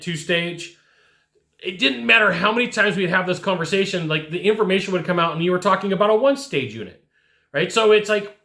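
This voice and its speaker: A man giving an animated sales coaching talk, speaking straight to the listener and often checking in with "right?". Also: high voice. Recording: echoey room.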